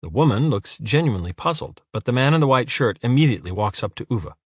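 A man narrating an audiobook in a measured, even storytelling voice. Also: medium pitch, husky, no room sound, clean studio sound. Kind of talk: scripted narration.

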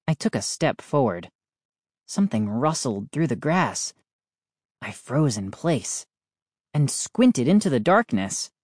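A woman reading a storybook aloud in an expressive first-person narration. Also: very deep voice, slow, pauses often, slightly rough, dry recording, clean studio sound. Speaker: audiobook narrator.

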